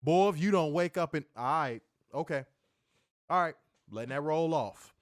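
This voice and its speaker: Speaking at a moderate pace in a fairly high, animated voice, this wrestling podcast co-host keeps things casual, cracking jokes, reading out chat and recapping the episode. The recording is clean studio audio without room sound.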